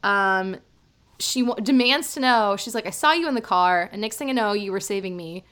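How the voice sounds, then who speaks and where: A woman co-hosting a casual chat, retelling scenes with lively, joking commentary. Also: mid-range voice, moderate pace, clean tone. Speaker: podcast co-host. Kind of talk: casual chat recapping a drama.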